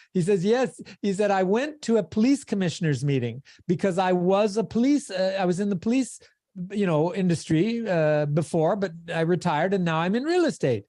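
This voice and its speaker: A man's voice: high voice, mellow, no echo, studio quality. A man giving a motivational coaching talk on a video call, with an emphatic, preacher-like cadence. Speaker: sales coach.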